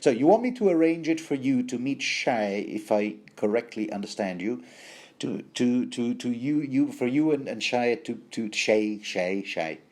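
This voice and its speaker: A man's voice: medium pitch, expressive, moderate pace, a little mellow, natural voice. A man putting on a sly, fussy court spymaster. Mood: insinuating.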